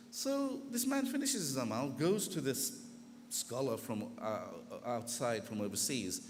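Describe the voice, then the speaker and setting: A man giving a religious lecture to a gathering, telling a story in an animated way and acting out the quotes, through a PA in a large hall. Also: a little high. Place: large echoey hall with congregation. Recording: echoey hall with background noise.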